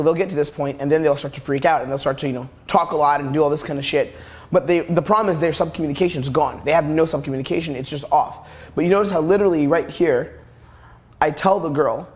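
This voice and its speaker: A young man coaching on dating, talking bluntly and crudely over video footage. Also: on the high side. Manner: blunt, crude, repeats "literally".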